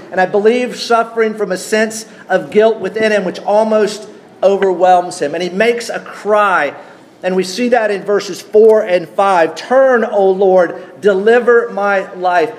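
A man preaching a sermon, teaching at an unhurried pace and putting questions to his congregation. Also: sits high. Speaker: pastor.

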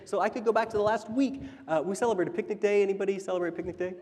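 A man in his thirties leads a sermon and keeps sliding into animated, chatty stories. His voice sits fairly high. The sound rings with the long reverb of a church hall. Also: very fast, slight background noise. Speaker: church leader. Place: church sanctuary.

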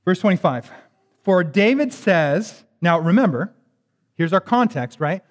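High-voiced preacher in a reverberant hall. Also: male voice, very animated, a little slow. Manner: conversational, emphatic, with joking asides. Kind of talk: sermon with scripture reading.

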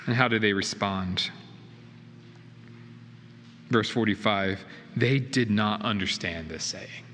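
In a reverberant church sanctuary with faint noise, a male pastor preaches slowly in a lowish, slightly bright voice. His sermon is earnest and emphatic, punctuated by rhetorical questions.

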